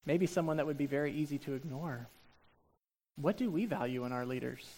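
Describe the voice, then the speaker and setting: A male pastor preaching a sermon, shifting between quiet, reflective asides and loud, emphatic stretches. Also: a little high, fairly quick.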